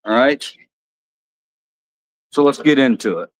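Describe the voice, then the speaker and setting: Male streamer, rambling and frank, mid-pitched voice, dry recording. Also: slow, dry recording. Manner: rambling, blunt, swears freely. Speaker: livestream host. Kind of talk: casual livestream chat.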